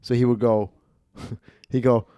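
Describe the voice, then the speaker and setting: A man's voice: mid-range voice, little pitch movement, takes it slowly, warm tone, no echo, studio quality. A man hosting a podcast, telling a rambling, profane comedy story. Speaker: podcast host.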